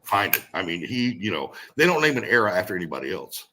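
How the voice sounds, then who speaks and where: Guy rambling thru wrestling stories, bright voice, pitch all over the place, lots of "you know". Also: fast, slight background noise. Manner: animated, rambling storyteller with many fillers. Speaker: guest, former pro wrestler. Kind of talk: casual storytelling interview.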